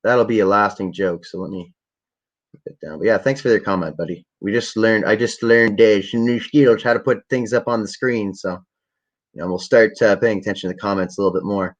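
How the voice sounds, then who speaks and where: A man's voice: on the low side, fairly even intonation, fairly quick, lo-fi sound. A man telling a rambling, profane story in a laid-back, casual way to a livestream audience. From Canada. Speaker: vlogger.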